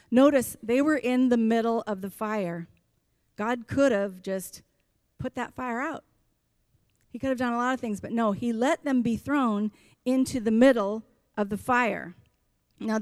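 Impassioned woman preacher, high and dry. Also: a little mellow, no echo. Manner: impassioned, emphatic preaching with repetition. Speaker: pastor. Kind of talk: sermon. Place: church.

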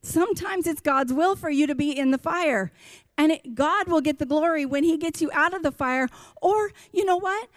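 A woman's voice: sits high, normal speed, no echo, studio quality. A woman pastor preaching a sermon in a church, impassioned and emphatic, driving her points home with repetition.

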